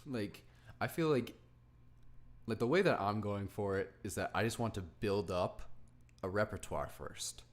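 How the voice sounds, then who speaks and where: Low-voiced young man hosting a podcast. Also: a little slow. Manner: rambling, many likes, laughs often. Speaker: podcast host. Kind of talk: casual podcast chat.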